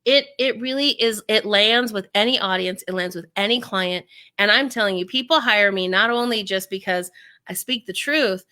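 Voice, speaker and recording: Bright, animated woman coaching. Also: medium pitch, normal speed. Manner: animated, acts out quoted voices. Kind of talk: casual interview chat.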